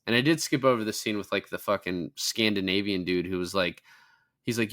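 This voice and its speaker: A man's voice: low voice, brisk, pushed and bright. A young man co-hosting a casual film review podcast, retelling scenes with lots of swearing and fillers. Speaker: podcast co-host.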